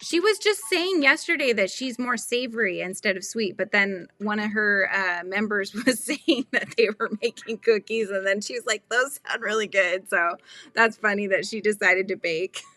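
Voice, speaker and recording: Bright-voiced giggly woman chatting live. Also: mid-range voice, no room sound. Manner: giggly, chatty, reads viewer comments aloud. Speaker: livestream host chatting with viewers. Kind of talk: casual live-stream chat while crocheting.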